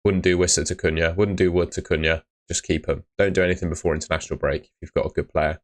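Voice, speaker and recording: Young guy on a live stream, real low voice, blunt and chatty, keeps saying mate. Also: fairly even intonation, fast talker. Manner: chatty, blunt advice, often ends with "mate". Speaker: fantasy football streamer. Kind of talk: casual live-stream chat.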